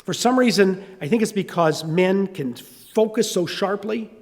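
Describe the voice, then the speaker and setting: Older man, Southern US accent, sermon, animated storytelling, echoey hall. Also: high-pitched, measured pace. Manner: animated storytelling, acting out voices. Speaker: pastor.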